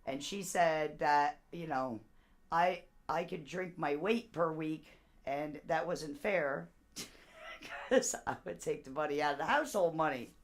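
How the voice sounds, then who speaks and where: A woman's voice: sits low, unhurried. A woman chatting loosely with viewers on her live stream as a seller. She rambles from one thing to the next and laughs often as she talks.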